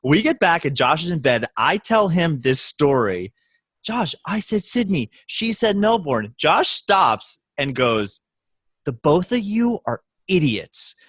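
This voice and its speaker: A young man co-hosting a podcast, telling jokey stories in a casual, animated way. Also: a little slow, slightly rough, no echo. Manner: animated, jokey storyteller with big pitch swings. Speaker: podcast co-host. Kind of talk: casual storytelling chat.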